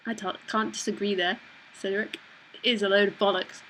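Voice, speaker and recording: A woman teaching in an online talk, reading comments aloud. She jokes, swears bluntly and laughs a lot. Her voice sits at an ordinary middle pitch and comes out bright and forceful. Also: flat delivery, a little fast, poor audio. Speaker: spiritual teacher.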